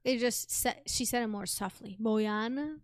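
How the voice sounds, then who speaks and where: Woman podcast co-host, playful chatter, slightly high pitch, dry close mic. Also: steady tone, normal speed, dry recording. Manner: playful, laughs often, tries out foreign accents. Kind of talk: casual chat.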